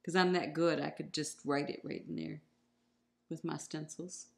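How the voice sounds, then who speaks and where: A woman's voice: sits low, fairly even intonation, moderate pace, vocal fry. A woman co-hosting a couple's diet vlog, chatting casually and teasing with frequent laughter. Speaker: co-host of a couple's keto vlog. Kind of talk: casual chat.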